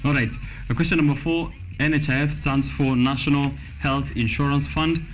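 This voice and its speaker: A man's voice: medium pitch, steady tone, moderate pace, soft background music. Kenyan man hosting a playful quiz. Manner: laughing, playful. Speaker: TV show host. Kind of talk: casual quiz chat. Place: TV studio.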